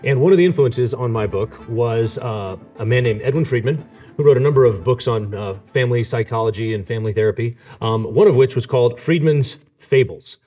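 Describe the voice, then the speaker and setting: Relaxed man hosting a chat. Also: mid-range voice, a little fast, faint music behind. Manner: relaxed, many fillers and restarts. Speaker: host and author. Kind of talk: casual conversational storytelling.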